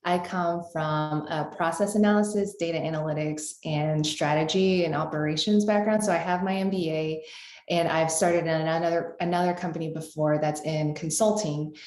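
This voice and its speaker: A woman's voice: deep voice, steady tone, moderate pace, a little mellow, echoey room. A woman in her thirties, a business founder, answering interview questions in an earnest, explanatory way with some ums. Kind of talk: conversational interview.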